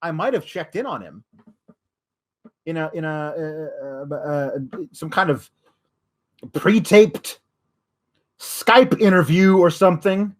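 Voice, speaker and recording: High-voiced man ranting and swearing. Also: animated, a little slow, pauses often. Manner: exasperated, heavy swearing. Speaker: wrestling news podcast host. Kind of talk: profane podcast rant.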